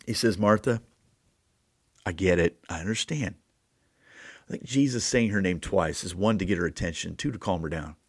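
A man hosting a podcast, giving a casual devotional talk with animated bursts and quiet asides. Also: low-pitched, moderate pace, breathy edge, no room sound, studio quality. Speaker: podcast host and preacher.

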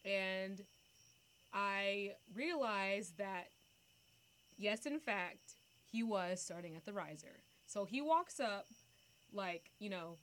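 A young woman telling a story in a casual chat, animated and quick to shout when she acts it out. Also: mid-range voice. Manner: animated, breaks into loud screams when acting out the story.

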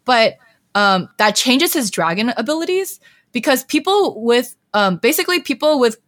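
A woman's voice: fairly high pitch, big pitch swings, normal speed, fairly bright tone, no echo. Chatty young woman recapping a story. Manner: chatty, heavy use of filler "like". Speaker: podcast host.

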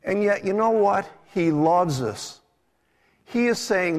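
A man's voice: high voice, animated, slow. A middle-aged man, a minister, preaching a live sermon in a church in a conversational way, putting questions to his congregation. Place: church sanctuary. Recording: live church recording with long hall reverb.

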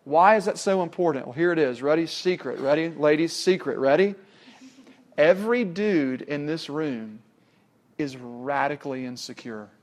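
Preacher, male, somewhat high voice, emphatic sermon with rhetorical questions. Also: moderate pace. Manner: emphatic, rhetorical questions, swings from loud to hushed.

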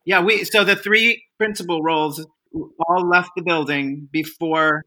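A man's voice: fairly high pitch, unhurried. A man who is a guest actor, casually and fondly reminiscing about a past show in a podcast interview. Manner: relaxed, fond reminiscing, casual swearing.

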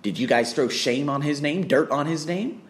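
A man's voice: on the high side, moderate pace. A man ranting bluntly to camera about business, swearing often and firing off rhetorical questions. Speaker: fitness trainer.

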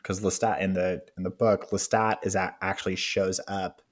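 A man co-hosting a podcast in casual film chat. His voice sits fairly low, and his delivery is wry and profane, with easy laughter. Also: little pitch movement, moderate pace. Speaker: podcast co-host.

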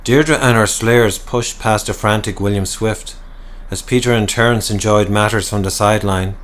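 A man's voice: on the low side, normal speed. A man narrating a comic horror tale in a wry, dramatic way. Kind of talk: storytelling narration.

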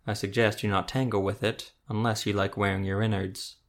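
A man doing a gruff, terse witcher. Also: on the low side, level tone, fairly quick, natural voice. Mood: flat. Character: gruff grizzled male witcher monster hunter.

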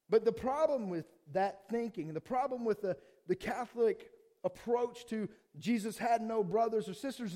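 A man preaching a sermon to a congregation in a casual, animated way, acting out quick voices of people. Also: sits high. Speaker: pastor.

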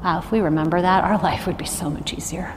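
A middle-aged woman preaching a sermon, animated and asking the congregation to call out answers. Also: lowish voice, quick pace, slight background noise. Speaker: worship arts director preaching. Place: church sanctuary. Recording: long reverb of a large church hall.

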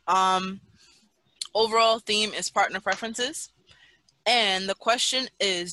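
A man's voice: high-pitched, pushed and bright, dry recording, low-quality recording. A man hosting a casual podcast, reading out questions and laughing along with his guests. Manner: reads out prompts, laughs along. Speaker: podcast host.

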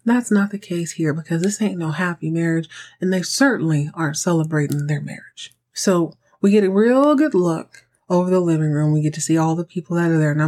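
A woman's voice: on the low side, a little mellow. A woman hosting a podcast, recapping a TV episode in sassy, slangy, conversational chat. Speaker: podcast host recapping a TV show.

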